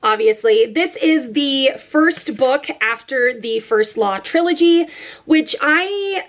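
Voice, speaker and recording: A woman with a notably high voice runs through her reading list in an easy, casual way. Her talk is loose and chatty, full of fillers and quick asides, and she speaks close to the mic. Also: lively intonation. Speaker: book vlogger. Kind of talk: casual chat about books.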